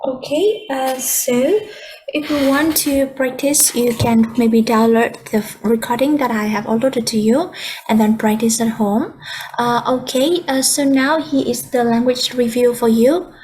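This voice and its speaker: A woman's voice: on the high side, a little slow, darkish tone, a little hiss or hum. A woman English teacher with a Vietnamese accent, explaining patiently over a video call. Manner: explains patiently, switching between languages. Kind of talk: online class instruction.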